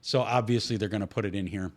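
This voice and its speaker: A man's voice: lowish voice, fast talker. A man hosting a solo podcast, talking bluntly with heavy swearing and sarcasm. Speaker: podcast host.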